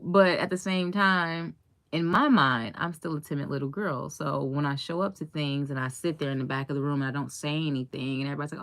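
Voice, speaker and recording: Chatty low-voiced woman life coach. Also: a little fast, a bit bright, no echo. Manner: chatty, laughs often, acts out quotes. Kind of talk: casual chat to a live audience.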